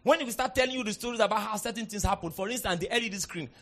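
A high-pitched Nigerian man preaching to a congregation. He swings from quiet asides to loud, fervent declarations. His delivery is lively and animated. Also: racing. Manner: animated, shifts from soft asides to shouted declarations. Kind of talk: sermon.

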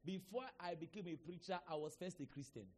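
A middle-aged man with a Nigerian accent, preaching a sermon with sudden shouted bursts and call-and-response with the congregation. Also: on the high side, brisk, slight background noise. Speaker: pastor.

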